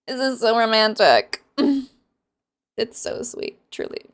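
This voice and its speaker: A woman's voice: on the high side, expressive, slow, long pauses. A woman hosting a casual book reaction vlog, sarcastic and rambling, often laughing at her own jokes. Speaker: book reviewer.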